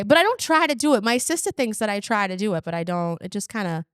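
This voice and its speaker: A woman with a Boston accent chats in a rambling, easygoing way, often restarting her sentences. Her voice is smooth and clear, recorded dry and close. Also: medium pitch, fast talker, dry recording. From Boston area. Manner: chatty, rambling with many restarts. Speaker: podcast host. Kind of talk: casual podcast chat.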